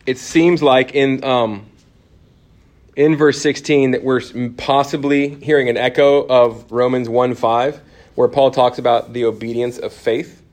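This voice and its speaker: A man teaching a church Bible course to a class. He talks conversationally, poses questions to the room and fills pauses with ums and restarts. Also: mid-range voice, fairly even intonation.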